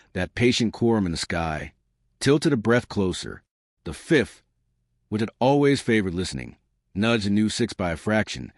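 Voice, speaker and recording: A man narrating a scripted story in a slow, lyrical, measured way. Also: on the low side, no room sound, studio quality.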